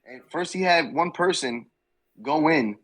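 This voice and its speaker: Husky laid-back man telling stories. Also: fairly high pitch, a little slow, a bit bright, poor audio. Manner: laid-back, joking, swears often. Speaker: podcast guest, army veteran. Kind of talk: casual chat, storytelling.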